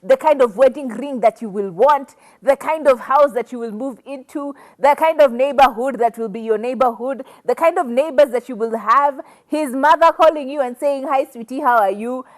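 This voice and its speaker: High-voiced woman telling stories. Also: moderate pace, hardly any pauses. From Kenya. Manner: animated storytelling, laughs often. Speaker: talk show co-host. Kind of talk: casual chat.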